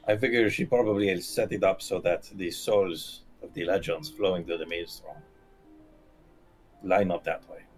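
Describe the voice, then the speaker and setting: Deep-voiced young man speaking in character. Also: steady tone, normal speed, faint music behind. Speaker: player. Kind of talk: in-character tabletop play.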